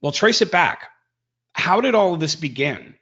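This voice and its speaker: A man teaching online marketing in a live webinar, energetic and emphatic, swinging his pitch and pace for effect. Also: moderate pace, husky, highs cut off.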